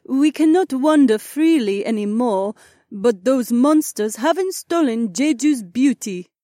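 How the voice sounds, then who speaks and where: A male narrator voicing a modest, gentle middle-aged mother who cooks for the household. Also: very high voice, expressive, unhurried, no room sound, studio quality, voice pushed up.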